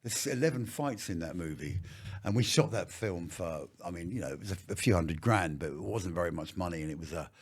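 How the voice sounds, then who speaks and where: Man, 50s, husky, lowish voice, casual interview guest, anecdotal, swears freely. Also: lively intonation, fairly quick, darkish tone. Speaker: actor and director, podcast guest.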